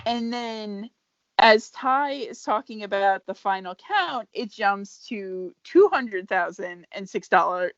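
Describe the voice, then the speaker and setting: A woman co-hosting a podcast, casually retelling a show's episode with animated energy and frequent laughs. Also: mid-range voice, slow pace, no echo. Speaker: podcast co-host. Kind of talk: casual chat recapping a show. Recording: dry, dull lo-fi podcast audio.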